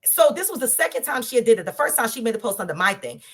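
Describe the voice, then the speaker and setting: Woman, 30s, lively group-discussion speaker, conversational, talks straight to listeners. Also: on the high side, very fast, husky. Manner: animated, conversational, laughs often, addresses listeners directly. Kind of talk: candid personal storytelling to a group.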